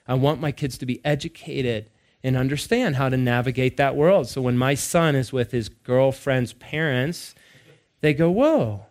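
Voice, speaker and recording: A man in his thirties or forties preaching, telling family stories with laughter and animated bursts. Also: medium pitch, moderate pace. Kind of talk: sermon-style storytelling.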